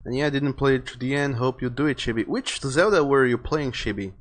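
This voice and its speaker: Young guy streaming a game, rambly casual chat, reads out chat messages, normal pitch. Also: fairly quick, slight background noise. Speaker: livestreamer. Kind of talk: casual gaming commentary.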